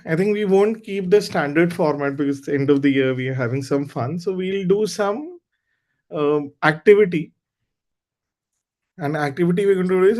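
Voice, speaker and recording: A man's voice: fairly high pitch, a little mellow. A man hosting an online club meeting and leading a speaking exercise in a loose, conversational, encouraging way, heard over a video call.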